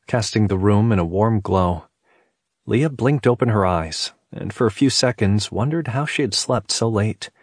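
A man reading a romance novel aloud as narrator, calm and even. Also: lowish voice, dry recording, clean studio sound. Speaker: audiobook narrator.

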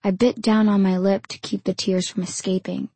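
A woman narrating her own memoir in the first person, in a measured, intimate storytelling manner. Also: medium pitch, level tone, dark tone, slightly rough, no room sound.

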